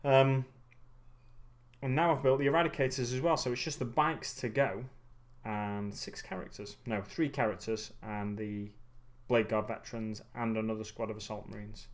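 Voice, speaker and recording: A man's voice: on the low side, steady tone, normal speed. Rambling man chatting over a hobby desk. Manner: rambling and musing, many ums and self-corrections. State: getting tired. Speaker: hobby livestream host. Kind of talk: casual chat while building miniatures.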